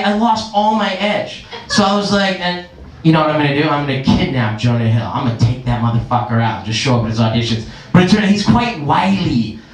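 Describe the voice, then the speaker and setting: A man doing a rambling, crude stand-up comedy set on a club stage. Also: high voice. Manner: rambling, crude, acts out voices in quotes. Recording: echoey club recorded from a distance.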